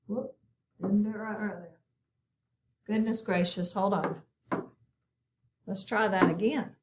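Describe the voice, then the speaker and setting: A woman's voice: mid-range voice, fairly even intonation, background noise. A woman teaching a phonics lesson, patiently sounding out words and asking her students questions. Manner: encouraging, asks the class questions, repeats words slowly. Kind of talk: slow, patient classroom instruction.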